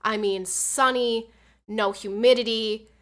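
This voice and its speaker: A young woman streamer telling a story in casual chat, animated and swearing, acting out quotes loudly. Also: on the high side, slow.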